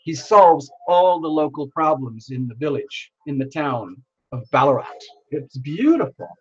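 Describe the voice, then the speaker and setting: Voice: mid-range voice, a little slow, breathy edge, dull audio. A live-stream host in casual chat, greeting viewers by name with frequent exclamations and scrambling to keep up with the chat. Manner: excitable, many exclamations, reads viewer names aloud while scrambling to keep up. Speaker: livestream host.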